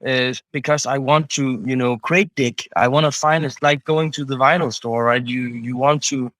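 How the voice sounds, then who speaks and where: Man, founder type, interview guest; hesitant, lots of restarts, dry close sound, mid pitch. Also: fairly even intonation, normal speed, fairly bright tone, no echo, low-quality recording. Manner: hesitant, many restarts and fillers. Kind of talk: casual interview talk.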